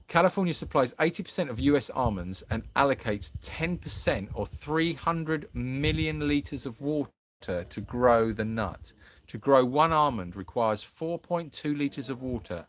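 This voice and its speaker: A man hosting a live Q&A stream, worn out, reading viewers' comments aloud and bantering playfully with them in casual chat. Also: mid-range voice.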